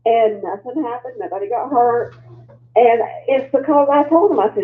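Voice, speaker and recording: A woman's voice: a little high, moderate pace. A middle-aged woman calling in to a show, plain-spoken and matter-of-fact. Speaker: caller. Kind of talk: phone-in conversation. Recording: tinny phone line.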